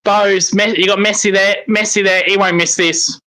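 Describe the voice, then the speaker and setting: Sweary fan calling football. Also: male voice, high voice, normal speed, low-quality recording. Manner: excitable, swears in frustrated outbursts. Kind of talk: live watch-along commentary.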